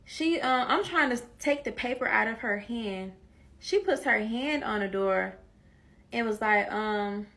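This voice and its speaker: A woman's voice: fairly high pitch, lively intonation, unhurried, a bit bright. A young woman casually telling a personal story to her viewers, emphatic and repeating herself for effect. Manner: emphatic, repeats herself, addresses listeners as y'all.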